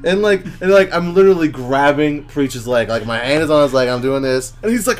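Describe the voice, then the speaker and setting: A man co-hosting a casual podcast chat, telling stories excitedly with lots of fillers and restarts. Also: fairly high pitch, normal speed. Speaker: podcast co-host.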